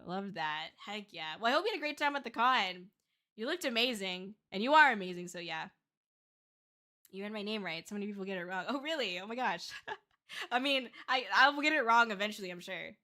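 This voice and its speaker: A woman's voice: medium pitch, animated, a little fast, bright, forceful tone. A young woman streaming, chatting candidly with viewers in a rambling way, full of fillers and restarts. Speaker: VTuber streamer. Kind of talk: casual livestream chat.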